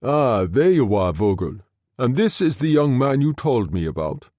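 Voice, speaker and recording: A man voicing a composed, brisk officer who dismisses a subordinate with easy authority. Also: medium pitch, sing-song, mellow, no echo, clean studio sound.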